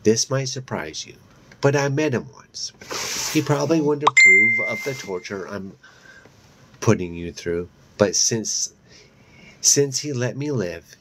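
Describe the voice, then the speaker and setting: A centuries-old female vampire from a horror audiobook, put on by a man reading aloud, taunts her prey in a sugary, mocking tone. She speaks low and unhurried, with slow menace. Her cruelty comes across as playful. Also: animated, pushed and bright, slight background noise, exaggerated voice. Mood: menacing.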